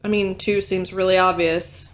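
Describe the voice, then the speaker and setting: A woman's voice: medium pitch, little pitch movement, moderate pace. A woman co-hosting a podcast in casual chat, chatty and laughing often. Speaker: podcast co-host.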